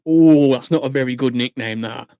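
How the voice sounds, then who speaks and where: A man's voice: mid-range voice, moderate pace, dark tone, smooth, no echo, clean studio sound. A man from Shropshire, chatting casually on a live stream, swearing and laughing often. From England, Shropshire. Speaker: livestreamer.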